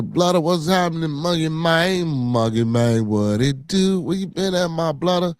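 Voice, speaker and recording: A man's voice: fairly high pitch, expressive, measured pace, hardly any pauses, smooth, dry recording, studio quality. A man hosting a casual livestream podcast, talking in slang and repeating his catchphrases three times over. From Chicago. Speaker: podcast host.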